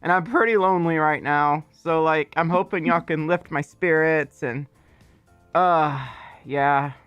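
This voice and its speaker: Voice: mid-range voice, measured pace, fairly bright tone, clean tone, no room sound, dull audio, faint music behind. A streamer from Mississippi, rambling in casual livestream chat and still coughing from being ill. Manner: rambling, playful, teasing. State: lingering cough.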